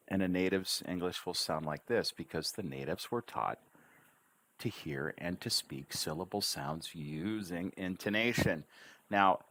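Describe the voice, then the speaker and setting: Very deep-voiced male English tutor. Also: fairly bright tone, no echo. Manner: slow drawn-out syllable drills; chatty, encouraging. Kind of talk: livestream language lesson.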